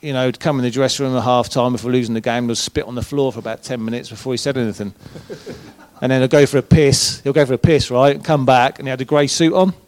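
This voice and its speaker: A former footballer with a mid-range, slightly mellow voice talks fast and with fairly even intonation. As a guest at a live event, he tells casual, colloquial anecdotes laced with swearing in a room full of audience members.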